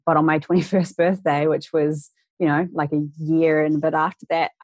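Low-voiced young woman telling her story. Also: little pitch movement, moderate pace, a little mellow, dry recording. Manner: candid, earnest, re-enacts quoted voices. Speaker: interview guest. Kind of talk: personal storytelling in an interview.

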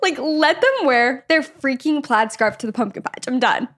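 A woman's voice: high-pitched, moderate pace, fairly bright tone. A young woman co-hosting a casual chat podcast, talking emphatically and laughing often as she rants. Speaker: podcast co-host.

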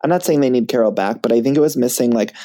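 A man chatting as a podcast guest, animated and self-mocking, laughing at himself often. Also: medium pitch, very fast. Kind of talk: casual chat.

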